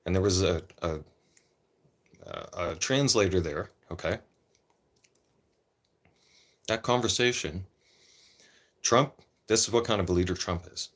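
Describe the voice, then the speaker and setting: A Canadian vlogger with a deep voice speaks at a normal speed, leaving long pauses. He rants casually and opinionatedly about politics to camera, rambling, repeating himself, and ending lines with "right?".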